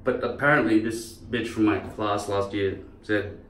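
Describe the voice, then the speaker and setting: A man's voice: lowish voice, fairly even intonation, unhurried, fairly bright tone. A man rambling casually on a vlog, swearing freely and drifting between topics. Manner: rambling, swearing, jumping into impressions. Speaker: vlogger. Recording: roomy sound from a distance.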